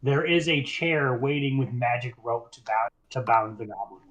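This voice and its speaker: Male game master, mid-pitched, easygoing scene narration. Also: a bit bright, poor audio. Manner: descriptive, unhurried narration with fillers.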